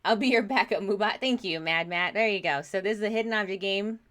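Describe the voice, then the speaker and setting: A woman's voice: medium pitch, fairly quick, a bit bright. A woman casually commenting on a game she streams, chatty and self-deprecating with frequent laughs.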